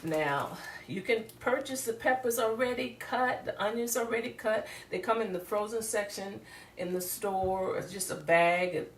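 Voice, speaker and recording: A woman's voice: medium pitch, a little slow, slight background noise. A woman giving a casual, chatty cooking demonstration and talking straight to viewers in a rambling way. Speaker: home cook. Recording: echoey room, voice from a distance.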